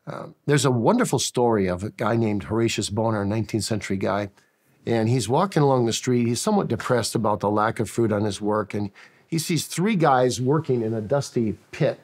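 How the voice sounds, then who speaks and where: A man's voice: mid-range voice, a little mellow, breathy edge. A man who is a pastor and interview guest, answering in an earnest preaching style with stories and frequent restarts.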